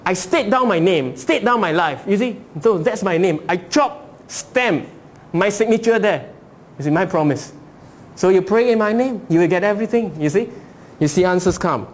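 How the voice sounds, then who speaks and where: A man's voice: high voice, animated, normal speed. A male pastor preaching a sermon, asking rhetorical questions and acting out voices as he reads scripture.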